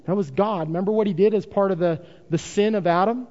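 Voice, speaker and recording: A pastor preaching a sermon with emphasis and repeated rhetorical questions to the congregation. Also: male voice, sits high, quick pace, darkish tone. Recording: dull lo-fi recording in a reverberant hall.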